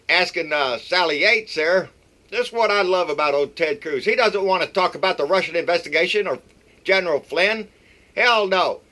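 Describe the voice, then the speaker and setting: A man's voice: high voice, sharp tone. A man hosting his own show, giving a blunt, folksy political rant full of mockery. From Texas. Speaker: political vlogger.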